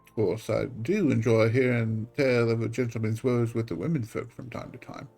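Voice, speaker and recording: A man's voice: mid-range voice, fairly even intonation, moderate pace, vocal fry, darkish tone. A man voicing a hearty, fatherly older male guild official in a game, jovial and folksy with a chiding edge, over faint music.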